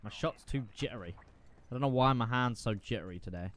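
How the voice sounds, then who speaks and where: A man giving casual, profane, excitable commentary while playing a shooter game. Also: mid-range voice, brisk, a little hiss or hum. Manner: profane, excitable, self-mocking. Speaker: gaming video creator.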